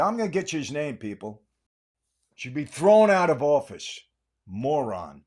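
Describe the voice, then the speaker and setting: A man's voice: sits high, a little mellow. An older American man hosting a podcast, delivering an angry, insulting political rant and repeating himself for emphasis. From United States. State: aggravated. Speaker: podcast host.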